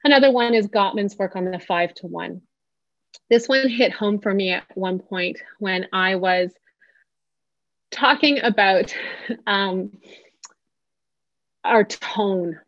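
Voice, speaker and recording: A woman, a therapist, leading an online parenting workshop in a gentle, inviting way. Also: mid-range voice, slow pace, pauses often, no echo. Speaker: social worker and psychotherapist leading a workshop. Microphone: video call. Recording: dull dry video call audio.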